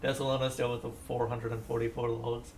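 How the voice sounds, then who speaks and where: Young guy streaming a game, rambly and sarcastic, mid-pitch voice, bit of faint noise. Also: level tone, fairly quick. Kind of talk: casual live-stream chat over gameplay.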